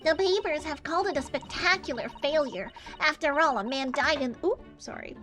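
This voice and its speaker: A woman voicing an eccentric, excitable male professor, stammering and fussy, while reading a game's dialogue aloud. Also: high-pitched, normal speed, faint music behind. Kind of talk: voicing a video game aloud on stream.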